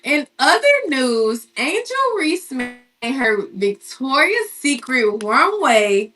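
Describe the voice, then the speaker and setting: A woman's voice: sits high, very animated, slow, bright, forceful tone, far from the mic. A woman co-hosting a casual sports and celebrity chat show, talking in a chatty, emphatic way and repeating phrases for effect. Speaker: co-host.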